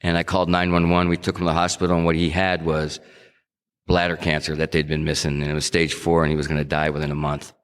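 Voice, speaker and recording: Deep-voiced middle-aged man, echoey hall. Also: completely flat delivery, fast, clear, resonant tone. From New England. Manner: earnest, conversational storytelling with frequent restarts. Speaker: recovery meeting speaker. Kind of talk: personal testimony at a sobriety meeting.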